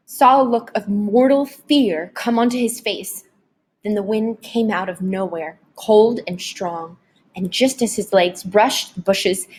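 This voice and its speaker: Breathy woman reading a storybook chapter. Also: medium pitch. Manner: dramatic, varied storytelling delivery. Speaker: audiobook narrator. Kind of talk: expressive audiobook reading.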